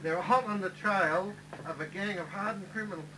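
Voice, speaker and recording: A man's voice: sits high, moderate pace, far from the mic. A man telling jokes in a chatty, folksy way at a live community revue. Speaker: joke teller in a revue. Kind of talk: live stand-up joke telling. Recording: noisy live recording, voice off-mic.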